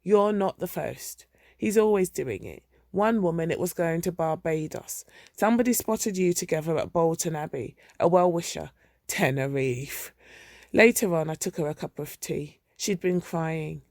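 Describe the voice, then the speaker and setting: A woman reading a dramatic monologue as a resentful middle-aged son, narrating in a wry, deadpan way. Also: fairly low pitch, normal speed, no room sound, studio quality.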